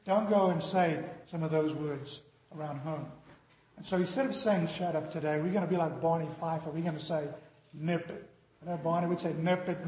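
A man's voice: high voice, darkish tone, a little hiss or hum. A man preaching a sermon as pastor, telling a joke with animation and then pressing his points with emphasis. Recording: echoey reverberant hall.

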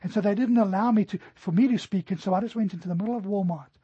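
A middle-aged man preaching a sermon earnestly, slowing down to stress scripture. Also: sits high, slightly rough, no echo. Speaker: pastor. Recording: dry, dull lo-fi recording.

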